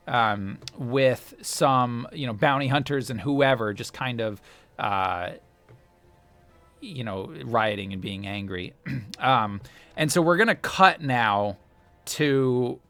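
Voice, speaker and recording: A man runs a tabletop role-playing game as game master, narrating in a loose, rambling way with many pauses. His mid-pitched voice is recorded dry and close. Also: fairly bright tone, no echo. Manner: rambling, filler-heavy narration.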